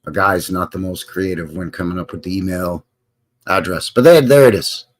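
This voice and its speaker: A man's voice: low-pitched, moderate pace, slight background noise. An older man with a Canadian accent, hosting a live stream in a rambling, folksy and jokey way with slangy asides. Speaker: livestream host. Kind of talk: casual live chat.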